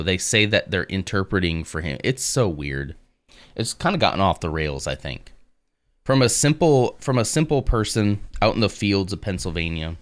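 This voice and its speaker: A man with a low voice speaks loosely and conversationally. He drifts between reading text aloud and replying to his live audience. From United States. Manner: relaxed and rambling, reads text aloud and answers chat. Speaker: live streamer. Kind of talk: casual live-stream chat and reading aloud.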